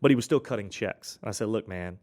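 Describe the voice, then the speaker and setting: A medium-pitched, slightly mellow male voice talks fast as he hosts a relaxed accounting podcast. His client stories meander, with repeated restarts, self-corrections and an occasional cough.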